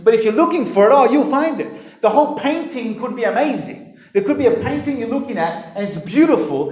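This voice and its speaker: A man preaching a sermon in an animated, emphatic way, talking straight to his listeners. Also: high voice. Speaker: pastor. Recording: echoey room.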